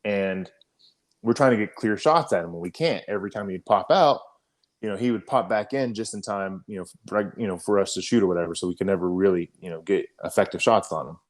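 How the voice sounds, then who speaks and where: A man with a low-sitting voice, talking a little fast, tells an army story on a podcast. An army veteran and co-host, he tells it casually and profanely, full of fillers and restarts.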